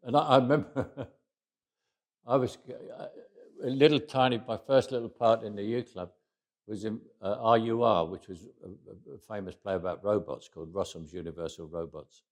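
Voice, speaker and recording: An older man with a Cockney accent talks through memories in an interview. His voice sits low, and he often chuckles and trails off quietly. He restarts phrases as he goes. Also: steady tone, moderate pace. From England. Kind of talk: reflective interview storytelling.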